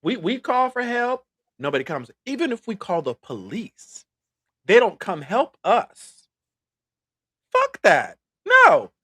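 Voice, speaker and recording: Blunt, emphatic male co-host, high lively voice, dry sound. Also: slow, long pauses, husky, no room sound. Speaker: podcast co-host. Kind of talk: casual podcast chat.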